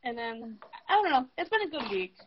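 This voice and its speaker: A woman's voice: high-pitched, very animated, fairly quick, slight background noise. A young woman co-hosting a podcast in casual chat, rambling and swearing freely, sounding tired. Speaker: podcast co-host. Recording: dull lo-fi sound.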